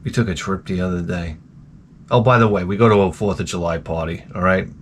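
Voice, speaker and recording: A man's voice: deep voice, fairly quick, slight background noise. A middle-aged man, ranting in a rambling, profane comedic monologue. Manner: rambling, profane, animated storytelling. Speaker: comedic host.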